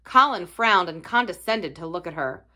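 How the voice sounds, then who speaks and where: A woman reading a classic novel aloud for a library, telling it in an expressive storytelling way. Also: on the low side, moderate pace. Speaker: library reader.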